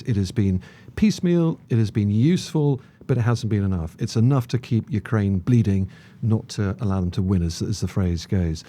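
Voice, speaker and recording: A middle-aged man, a retired army general co-hosting a podcast, giving measured, authoritative analysis. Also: fairly low pitch, dark tone.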